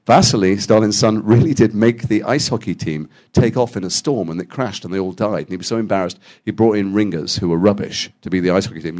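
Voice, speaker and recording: English guy rattling off film set stories, low gravelly voice, quick. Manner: animated, quotes others in quick dialogue. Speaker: actor guest at a Q&A. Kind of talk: anecdotal storytelling. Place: cinema auditorium after a screening.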